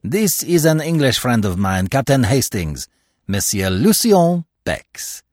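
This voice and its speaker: A man voicing a precise older Belgian detective who talks in a measured, grave way with French phrases. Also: mid-range voice, big pitch swings, darkish tone, no echo, studio quality. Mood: brisk.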